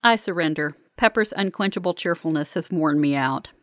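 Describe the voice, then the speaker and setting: A woman narrating a first-person novel as an audiobook, in a wry, measured manner. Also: sits low, dry recording, clean studio sound.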